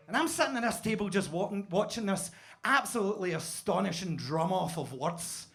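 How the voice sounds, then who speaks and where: Brief: Scottish stand-up, male, high-pitched, lively mock-pompous storyteller, club stage mic. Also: fairly quick, vocal fry, breathy edge. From Scotland. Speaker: stand-up comedian. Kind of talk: stand-up comedy set. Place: basement comedy club stage.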